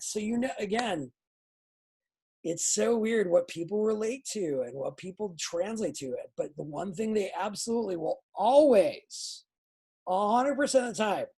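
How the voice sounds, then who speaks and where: A woman teaching a wrestling class, blunt and animated, acting out lines as she speaks. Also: mid-range voice, husky. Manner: animated, acts out quoted lines; blunt, swears freely. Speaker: wrestling instructor. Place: training academy class.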